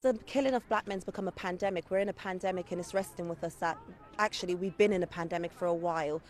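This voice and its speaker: A woman's voice: on the low side, fast talker, some chatter behind. A woman answering in an interview, earnest, posing rhetorical questions.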